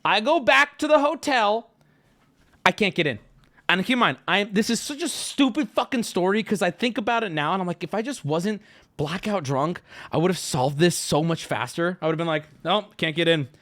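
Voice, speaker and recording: A man's voice: high voice, animated, moderate pace, a bit bright. A man streaming live, telling stories and ranting at his chat in a profane, stammering, riled-up way. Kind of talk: casual livestream rant.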